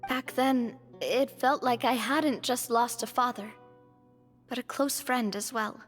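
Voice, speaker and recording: A woman voicing a young woman who reflects on losing her father and a friend, in a warm storytelling way. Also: a little high, steady tone, unhurried, in a large hall, faint music behind. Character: cheerful young woman recalling a lost father.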